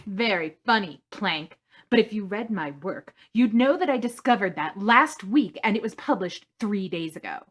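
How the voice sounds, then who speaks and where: A woman's voice: mid-range voice, expressive, moderate pace, close to an everyday voice. A woman voicing a snooty, glamorous woman journalist in a live fan fiction read-through, with a haughty, mocking manner.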